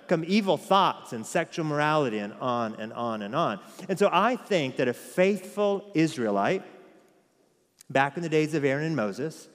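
A male pastor delivers a sermon in a fairly high voice, moving between loud, emphatic passages and quiet, hushed asides. He often repeats a word as he restarts a phrase. His voice rings with the long reverb of a large church hall.

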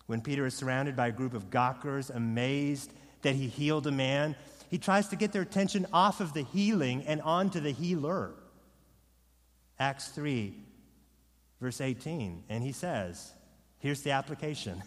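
A pastor preaching a sermon to his congregation, swinging from loud proclamation to soft, low pleading. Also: expressive, unhurried. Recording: long reverb of a large hall.

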